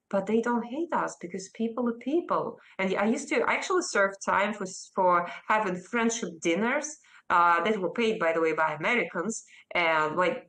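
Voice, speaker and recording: A woman's voice: fairly low pitch, a bit bright. A woman from Russia with a Russian accent, answering a news interview in emphatic, insistent bursts. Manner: emphatic, defiant, speaks in short insistent bursts. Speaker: interview guest.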